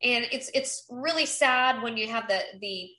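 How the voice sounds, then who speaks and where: An effusive woman from North Carolina, a congressional candidate, talks in a bright, slightly high voice. Her speech is upbeat and full of restarts. The sound is echoey, as in a bare room. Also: unhurried. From Eastern North Carolina. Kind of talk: podcast interview.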